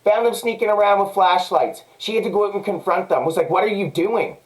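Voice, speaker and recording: A man's voice: high-pitched, fast, poor audio. A man with a Canadian accent delivering an angry, profane personal monologue, agitated and repetitive. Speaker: vlogger.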